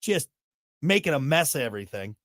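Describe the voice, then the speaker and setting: A man's voice: a little high, very animated, a little fast, a bit bright, no room sound, clean studio sound. A man in his thirties hosting a morning radio show, chatting casually with a joking, rambling, self-mocking manner. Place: radio studio.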